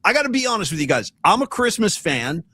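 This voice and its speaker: Lively middle-aged podcast host, higher voice. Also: male voice, slightly rough. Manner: energetic, quick interjections. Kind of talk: casual podcast chat.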